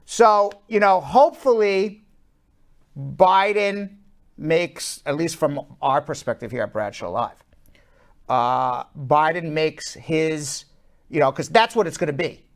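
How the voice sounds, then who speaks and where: Animated male talk show host. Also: a little high. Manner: animated, fast bursts with many fillers. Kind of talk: casual political commentary.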